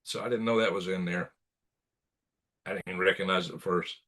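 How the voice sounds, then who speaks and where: A man's voice: low-pitched, fairly even intonation, fairly quick, fairly bright tone. Indignant man ranting at clips. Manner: indignant, repetitive, blunt insults. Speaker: news commentary host.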